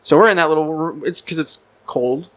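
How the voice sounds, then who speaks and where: A man's voice: on the high side, fairly quick, a bit bright. A man telling a personal story in casual podcast talk, rambling and repeating words, with casual swearing. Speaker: podcast guest.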